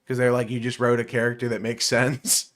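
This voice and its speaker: A man's voice: medium pitch, completely flat delivery, a little fast, a bit bright. A man co-hosting a casual podcast, sarcastic and crude, swearing and laughing often as he reacts to a video. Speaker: podcast co-host.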